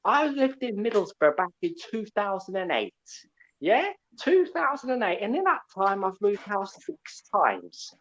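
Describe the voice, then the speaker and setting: A man's voice: high voice, big pitch swings, a little slow, a bit bright. Fired-up young man ranting down a muffled line. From Portugal. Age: 20s. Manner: combative, keeps asking "yeah?". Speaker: caller. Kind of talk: fired-up call-in rant.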